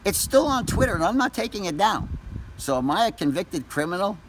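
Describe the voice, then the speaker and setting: Guy swearing and yelling at the camera, kinda high voice, bit of hiss behind. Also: big pitch swings, fairly quick. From Canada. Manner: profane, accusatory, shouting at times. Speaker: vlogger. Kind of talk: angry direct-to-camera rant.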